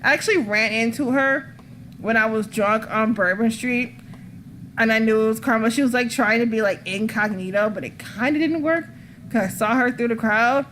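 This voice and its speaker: A woman's voice: on the high side, normal speed, a bit bright, a little hiss or hum. A woman hosting a podcast, telling rambling stories in casual chat, swearing freely and laughing often. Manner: rambling, profane storytelling. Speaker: wrestling podcast host.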